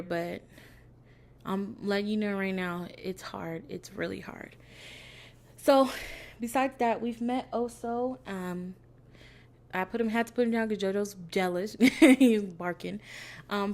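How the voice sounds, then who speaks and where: A young woman vlogger in casual, candid chat, a little out of breath, laughing now and then. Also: mid-range voice. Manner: chatty and candid, laughing often. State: a bit out of breath. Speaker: crochet vlogger.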